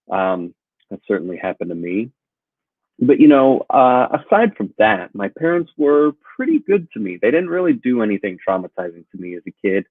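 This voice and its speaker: Deadpan man on a tinny line. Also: lowish voice, brisk, slightly rough, no room sound. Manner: deadpan with dry punchlines. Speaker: comedian guest. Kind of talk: stand-up routine over a call.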